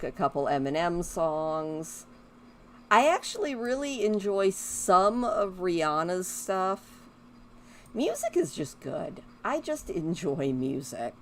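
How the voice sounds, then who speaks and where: A woman with a lowish voice talks her way through a life-simulation game at an unhurried pace. She rambles casually and coaxes her characters along. A faint hum of noise sits under her voice. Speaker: gaming YouTuber. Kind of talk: casual let's-play commentary.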